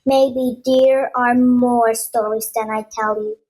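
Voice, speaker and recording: A woman's voice: a little high, flat delivery, slow, warm tone, poor audio. A woman voicing an elderly, mystical and protective grandmother who speaks earnest, broken English. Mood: pensive.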